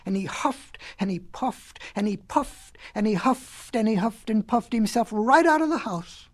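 A woman narrating a storybook in a folksy, lively storytelling manner. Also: on the high side, a little slow, hardly any pauses. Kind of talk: storybook reading.

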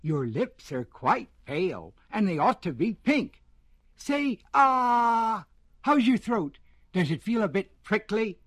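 A man's voice: high-pitched, sing-song, slow pace, fairly bright tone, no room sound, voice pushed up, exaggerated voice. A man voicing a small, clever male rabbit who talks in a coaxing, mock-sorrowful way, read as a storybook. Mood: sly. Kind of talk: storybook reading. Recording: music playing behind.

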